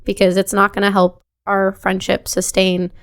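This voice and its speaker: A young woman talks as a podcast guest, earnest and reflective, filling her speech with "like." Her voice carries a gravelly fry yet stays smooth and resonant, and her pitch moves little. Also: completely flat delivery, moderate pace. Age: young adult. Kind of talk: casual podcast conversation.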